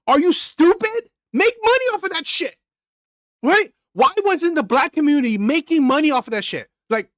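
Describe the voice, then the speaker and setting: A woman hosts a reaction video in a loud, blunt rant, swearing freely and hammering the same rhetorical questions. Her voice sits a little higher than most women's. The sound is close and completely dry, with no room around it. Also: big pitch swings, normal speed, dry recording. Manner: blunt, profane, fires off repeated rhetorical questions. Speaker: reaction channel host. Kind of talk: ranting commentary.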